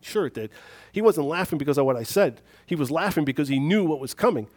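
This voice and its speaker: A man's voice: a little high, lively intonation, fast, darkish tone. A man preaching a sermon on forgiveness in a conversational, self-deprecating way, telling a story on himself.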